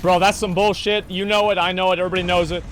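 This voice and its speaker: A man streaming a video game, commenting live as he fights a boss, cursing and yelling at it, then muttering quietly to himself. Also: high voice, flat delivery, fast talker, slight background noise. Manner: swears and yells at the game boss. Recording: game music behind the voice.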